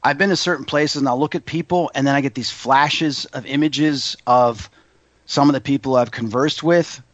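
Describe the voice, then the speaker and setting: Animated man telling stories, muffled audio. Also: normal speed, no room sound. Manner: animated storyteller, acts out quotes in a higher voice. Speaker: psychic medium guest. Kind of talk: casual interview chat.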